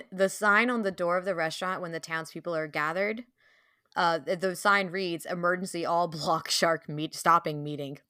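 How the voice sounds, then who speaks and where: A young woman co-hosts a podcast in an eager, chatty way, with plenty of fillers and frequent laughs. Her tone is bright and forceful, a little low for a woman. The recording is close and dry. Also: moderate pace, dry recording. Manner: enthusiastic, laughs often, many fillers. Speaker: podcast co-host. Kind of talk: casual podcast chat.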